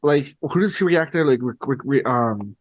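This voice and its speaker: A man's voice: medium pitch, expressive, moderate pace. A man co-hosting a podcast, retelling a show in a rambling, filler-heavy casual chat. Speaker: podcast co-host.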